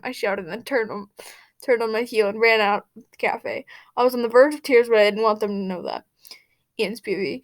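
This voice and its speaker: Reading fan fiction out loud, this woman has a fairly high, animated voice and a fairly quick pace. She trips over words, starts phrases again, and breaks off to laugh and comment.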